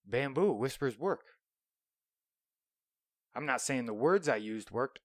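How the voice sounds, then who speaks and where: A man's voice: mid-range voice, lively intonation, takes it slowly, no room sound. Profane rambling man, dry close sound. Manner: profane, rambling, drops into whispers. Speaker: podcast host. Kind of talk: solo storytelling monologue. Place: small room, alone.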